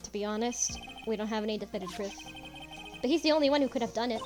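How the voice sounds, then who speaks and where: A woman's voice: on the high side, rapid-fire, over music, voice pushed down, natural voice. A woman voicing an earnest young male defense lawyer in a courtroom game. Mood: thoughtful. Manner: forceful objections, earnest.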